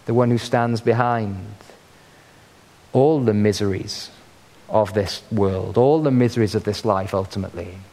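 A man's voice: fairly low pitch, unhurried, mellow. A man preaching a sermon with earnest emphasis, pressing hard on key words. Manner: earnest, emphatic, building to stressed peaks. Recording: long hall reverb.

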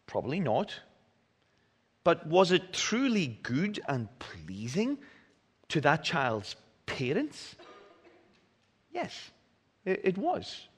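A man preaching a sermon and reading scripture, earnest and deliberate, moving between emphatic and hushed. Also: high-pitched, big-room sound.

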